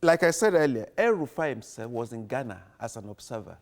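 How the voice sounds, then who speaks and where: A man's voice: medium pitch, sing-song, brisk. A Nigerian man chats casually on a TV studio panel, agreeing with the others. His voice has a long, ringing reverb trailing behind it. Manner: conversational, agreeing.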